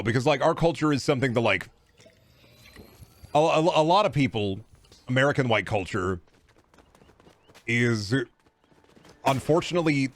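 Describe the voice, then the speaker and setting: A young man streaming, rambling jokily and swearing in casual chat. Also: mid-range voice. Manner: jokey, profane, slips into silly put-on voices.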